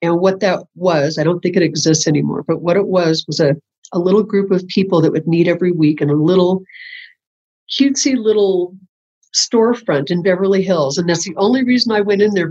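An older woman, a spiritual teacher, recounts how her work began during a casual interview, laughing often and acting out what went through her mind back then. Her voice is fairly low and fairly quick, with a darkish tone and a breathy edge. The audio is muffled and lo-fi.

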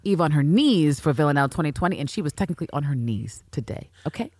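A young woman co-hosting a podcast, recapping a show with loud, profane, animated chat and acting out scenes in voices. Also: deep voice, quick pace, no room sound, studio quality. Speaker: podcast co-host. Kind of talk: excited casual recap chat.

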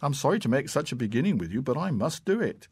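A man voicing a grave, regretful schoolmaster who speaks in a measured way. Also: medium pitch, big pitch swings, darkish tone, breathy edge, no room sound.

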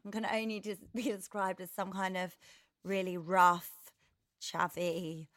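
A woman, a podcast co-host, telling a story in casual chat, animated and swearing freely. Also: fairly low pitch, measured pace, dry recording.

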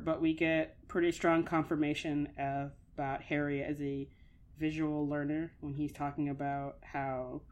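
A woman with a low voice co-hosts a podcast, chatting casually and easily. She talks in a loose, rambling way, leaning on filler words as she thinks aloud. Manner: chatty, many filler likes. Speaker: podcast co-host. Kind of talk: casual chat.

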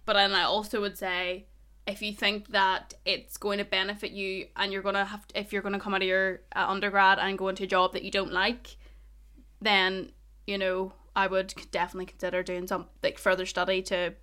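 Bright-voiced woman from Ballymena. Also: mid-range voice, completely flat delivery, a little fast, smooth. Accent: Northern Irish, Ballymena. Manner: chatty, laughs often, jokey. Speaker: podcast co-host. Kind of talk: casual podcast chat.

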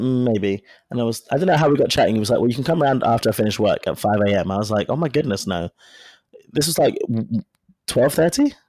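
A man's voice: on the low side, darkish tone, dry recording. A man chatting casually, telling a story frankly and acting out the dialogue as he goes. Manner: frank and profane. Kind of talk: casual chat.

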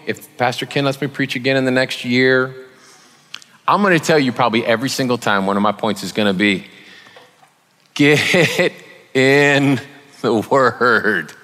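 A man preaching as a guest speaker, conversational and joking, with sudden loud emphasis. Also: medium pitch, brisk. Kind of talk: sermon. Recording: long reverb of a large hall.

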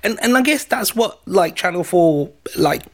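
A man on a podcast with a fairly high-pitched voice, chatting casually. He is wry and jokey, and he rambles through his points with a laid-back humor. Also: lively intonation, moderate pace, a bit bright. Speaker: podcast co-host. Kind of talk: casual chat.

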